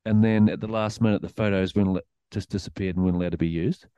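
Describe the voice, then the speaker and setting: A man's voice: sits low, fast, clear, resonant tone, no echo, dull audio. Talk naturally as a middle-aged New Zealand man telling yarns. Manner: swears freely, animated anecdotes. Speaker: podcast guest. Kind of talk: casual storytelling.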